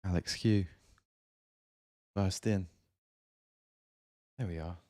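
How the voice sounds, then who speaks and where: Low-voiced guy hanging out on a livestream, super relaxed, shouting out people in the chat. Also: slow. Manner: relaxed, chatty, greets viewers by name. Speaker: music producer hosting a livestream. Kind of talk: casual live-stream chat.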